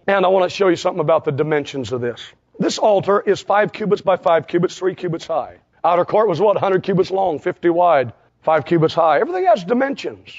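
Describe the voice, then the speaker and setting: High-voiced preacher, shouting then hushed. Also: male voice, lively intonation, a little fast. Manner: swings from shouted peaks to low hushed asides, quoting scripture. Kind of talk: sermon. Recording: dull lo-fi sound.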